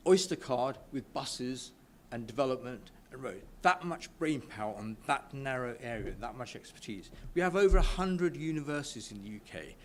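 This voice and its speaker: A man from the UK talks to a business crowd with eager enthusiasm, often tripping over his words and starting sentences again. His voice sits at an ordinary middle pitch. A faint background noise runs beneath him. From United Kingdom. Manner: enthusiastic, stumbles and restarts often. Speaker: speaker at a business networking event. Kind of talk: informal speech to an audience. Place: event room with a live audience.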